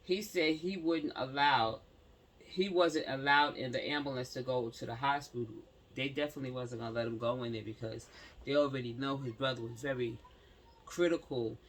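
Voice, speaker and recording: Reading a news story aloud, a commentary channel host with a mid-range, fairly bright voice stumbles over words. He keeps breaking off to toss slangy asides to his viewers.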